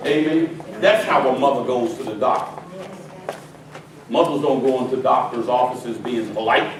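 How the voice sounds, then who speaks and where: A pastor preaching a sermon to his congregation, swinging between quiet asides and shouted climaxes. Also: mid-range voice, normal speed, crowd noise. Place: church sanctuary with congregation. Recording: very echoey church hall from far off with congregation. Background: congregation responding and laughing.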